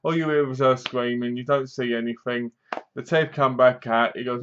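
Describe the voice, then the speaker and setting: A man's voice: medium pitch, steady tone, normal speed, a bit bright, muffled recording, a little hiss or hum. A man giving a casual spoken review of a film, rambling through the plot with dry, mocking remarks and acting out bits of scenes. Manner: rambling, acts out bits of scenes in funny voices.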